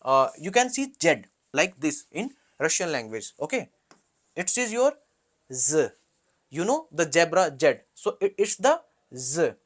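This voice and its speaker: A language teacher slowly explaining letters, with frequent fillers and hesitations, a Hindi native speaker. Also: mid-range voice, sing-song. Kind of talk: alphabet lesson.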